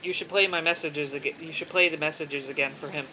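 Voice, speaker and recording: A man's voice: a little high, fairly even intonation, fast talker, pushed and bright, a little hiss or hum, low-quality recording. A man in casual chat who stammers and restarts his sentences.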